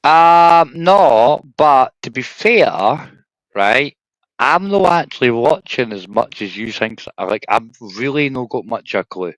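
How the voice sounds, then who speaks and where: A man's voice: medium pitch, expressive, unhurried, a bit bright, no echo, poor audio. A Scottish man hosting a livestream, chatting casually in a rambling, sweary way and tacking "right?" onto his sentences. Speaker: livestream host. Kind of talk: casual chat.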